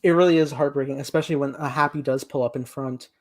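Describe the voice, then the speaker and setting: A man's voice: mid-range voice, steady tone, fast talker. A young man co-hosting a casual film review podcast, animatedly retelling scenes and acting out quoted lines. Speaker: podcast co-host.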